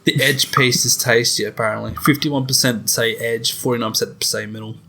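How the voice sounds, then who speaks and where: A man's voice: mid-range voice, steady tone, brisk, vocal fry, pushed and bright, a little hiss or hum. A man co-hosting a casual podcast, chatty and laughing between his remarks as he reads out poll questions. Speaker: podcast co-host. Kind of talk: casual chat.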